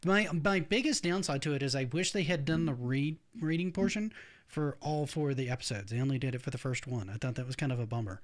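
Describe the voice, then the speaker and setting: A middle-aged man hosting a casual podcast chat, rambling with frequent restarts and laughing often. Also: medium pitch. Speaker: podcast host.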